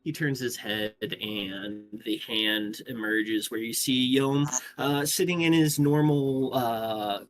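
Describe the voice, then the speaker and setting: A man narrating as game master in a tabletop game, pausing often with "uh". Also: mid-range voice, fairly bright tone. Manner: narrates with frequent "uh" pauses.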